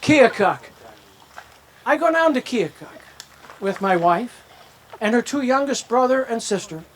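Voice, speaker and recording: This older man's voice is extremely high with lively intonation and a slightly slow pace, against slight background noise. Accepting a hall of fame honor at an outdoor disc golf course ceremony, he drifts through anecdotes and performs the dialogue.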